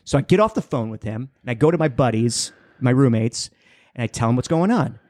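A young man telling a long, rambling story on a casual podcast, jumping into high-pitched voices for the people in it. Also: expressive, brisk, darkish tone, no echo, studio quality. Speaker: podcast co-host.

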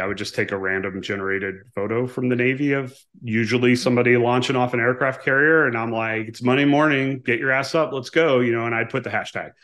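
Male guest in his forties, mid-pitched, casual storyteller who acts out dialogue. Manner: animated storyteller, acts out quoted dialogue, frequent "right?". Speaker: guest, author and former navy pilot.

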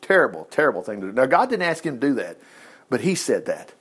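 A man's voice: mid-range voice, very animated, fast, a bit bright, husky. A middle-aged man preaching in a chatty, folksy storytelling way, acting out the lines he quotes.

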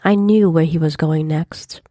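A woman narrating a first-person story in a plain, even storytelling manner. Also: deep voice, measured pace, no echo, clean studio sound.

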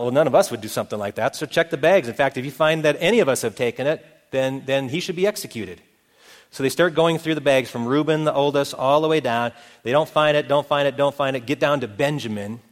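A middle-aged male pastor tells a story from the pulpit, slipping into the characters' voices as he goes. His voice sits a bit higher than most men's. It carries a long echo from a church hall. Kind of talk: sermon.

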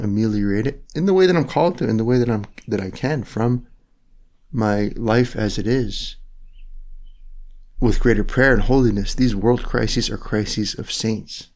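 Man, low voice, meditative sermon, slow phrase-by-phrase delivery, speaks to God in prayer. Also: a little mellow. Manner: reflective, addresses God directly in prayer.

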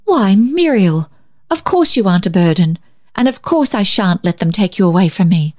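Woman voicing a gentle young woman of twenty. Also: medium pitch, big pitch swings, moderate pace. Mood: tender earnest. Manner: tender, reassuring, calls her sister dear.

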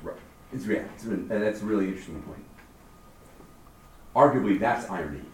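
A man leading a text study class, lively and questioning, thinking aloud as he explains. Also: fairly low pitch, fairly quick. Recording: roomy, far from the mic, faint noise.

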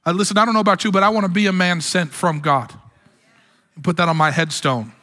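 A man's voice: sits high, steady tone, brisk, sharp tone. A man preaching a sermon as pastor, with impassioned delivery that climbs to exclamations. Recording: long hall reverb.

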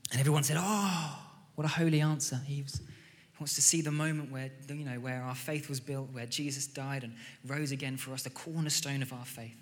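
A man's voice: mid-range voice, little pitch movement, a little fast. A man preaching a sermon in an enthusiastic, conversational style and telling stories from the pulpit. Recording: reverberant church hall.

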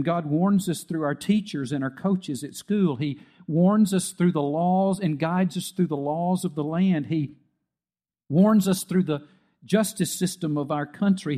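A man's voice: a little high, mellow. A middle-aged man preaching a sermon as pastor, telling stories with acted-out quotes and emphatic peaks.

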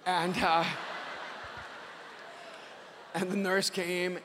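A man giving a motivational speech to a live audience, loud and emphatic, often near a shout, with slow dramatic phrasing. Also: high voice, level tone, in a large hall, background noise. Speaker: motivational speaker.

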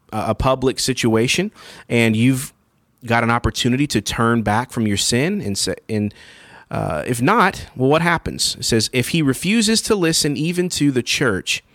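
A man's voice: medium pitch, fairly bright tone, dry recording, studio quality. A man preaching a sermon in a conversational teaching style, often checking in with his listeners and restarting phrases. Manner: conversational, checks in with "okay?" and "all right?"; frequent fillers and restarts. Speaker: pastor.

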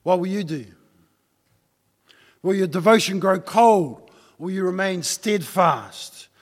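A man preaching a sermon in a church hall. He tells a story in a loose, conversational way and presses his listeners with repeated rhetorical questions. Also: high-pitched. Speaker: pastor. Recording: long hall reverb.

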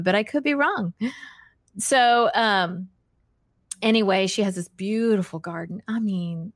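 A woman's voice: medium pitch, a bit bright, dry recording, studio quality. A woman hosting a live stream, answering chat questions in a casual, chatty way, laughing often and restarting her sentences. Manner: chatty, giggly, self-deprecating, many fillers and restarts.

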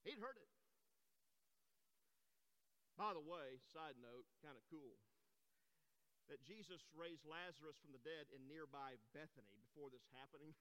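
A man's voice: fairly high pitch, pushed and bright. A man preaching a sermon, telling a story that builds to impassioned cries, in a church sanctuary. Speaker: pastor. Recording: long hall reverb.

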